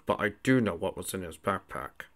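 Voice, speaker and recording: Male reader doing a matter-of-fact computer, flat and measured, low voice. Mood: calm.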